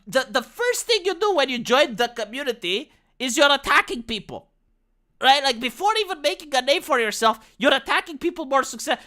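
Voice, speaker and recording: A woman's voice: sits high, big pitch swings, a little fast, fairly bright tone. A young woman streamer giving blunt, sweary casual commentary with lots of restarts, from Romania.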